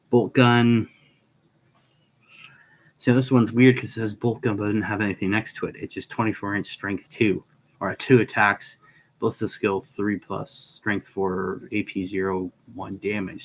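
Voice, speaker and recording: A man's voice: fairly low pitch, slight background noise, rough recording. A man hosting a casual livestream, thinking aloud with restarts and reading out game stats. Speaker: livestream host.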